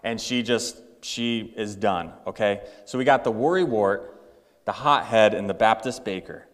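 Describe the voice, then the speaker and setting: A man's voice: fairly low pitch, a little slow, long reverb tail. A male pastor preaching a sermon in a conversational way, acting out everyday examples. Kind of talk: sermon with storytelling.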